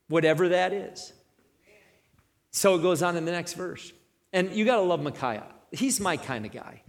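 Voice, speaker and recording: A man preaching a sermon in a conversational, animated manner, acting out the story as he tells it. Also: high voice, normal speed, in a large hall.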